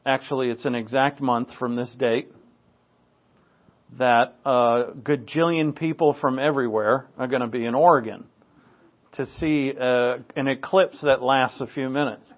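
A man's voice: mid-range voice, fairly even intonation, measured pace. A man from New England preaching a Bible teaching sermon in a conversational, wry way, with asides and dry jokes. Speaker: pastor. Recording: tinny phone-like recording.

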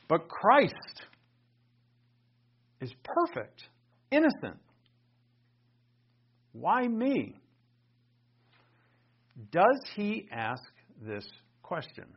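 A man teaching a Bible lesson in sermon style, conversational and animated, raising his voice for emphasis. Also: a little high. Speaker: pastor teaching. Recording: dull lo-fi recording.

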